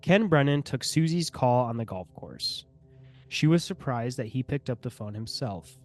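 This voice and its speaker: A man's voice: medium pitch, animated, moderate pace, faint music behind. A young man co-hosting a podcast, reading a case article aloud and breaking off to mock the writing. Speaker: podcast co-host.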